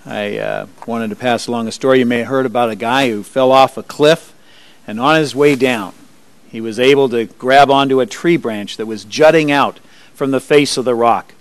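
A man delivers a sermon as a pastor, speaking in a measured, steady way with small restarts along the way. His voice sits in a middle range. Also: medium pitch, clean tone. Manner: measured preaching with occasional restarts. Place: church sanctuary.

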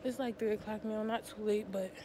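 A woman's voice: mid-range voice, fairly even intonation, brisk, noisy background. A young adult woman vlogging casually, slangy and laid-back, with laughing asides. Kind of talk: casual vlog chat. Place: outdoors on a college campus at night.

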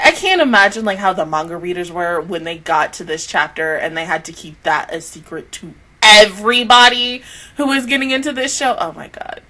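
A young woman talks through an anime episode she just watched, exasperated, sighing and swearing as her sentences break off. Her voice sits a little high and swings widely in pitch. The tone is bright and ringing. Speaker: anime reaction YouTuber. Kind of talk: emotional reaction vlog.

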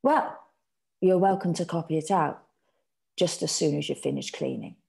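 A woman's voice: sits low, moderate pace, gravelly, a little mellow. A woman voicing a polite, refined employer who gets nervous and stammers.

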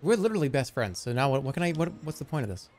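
A male streamer in his thirties talks through a game at a home desk mic, in casual commentary. His delivery swings widely in pitch, animated and disbelieving by turns, and soft game music plays faintly behind him. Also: very fast. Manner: animated, incredulous, jokey.

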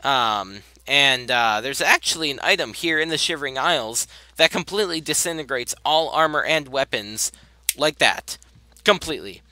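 A man's voice: mid-range voice, lively intonation, normal speed, bright, forceful tone, no echo. A young man casually commentating his gameplay, rambling, easily sidetracked and apologizing often. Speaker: gaming video host. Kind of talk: casual let's-play commentary.

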